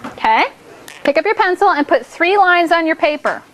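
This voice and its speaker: A woman teaches a class in an upbeat, encouraging way, with a high, bright-pitched voice. She talks the children through each step and keeps checking in with "okay?". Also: lively intonation, normal speed, a little hiss or hum. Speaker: elementary school teacher.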